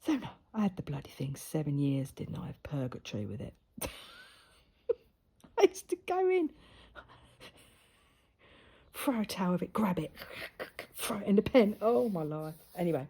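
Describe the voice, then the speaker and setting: A woman's voice: fairly low pitch, very animated, moderate pace, long pauses, mellow, slightly rough. A middle-aged woman chatting as she sews, rambling through stories and often dropping into whispered asides. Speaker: sewing vlogger. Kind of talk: casual chat while sewing. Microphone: camera close in front.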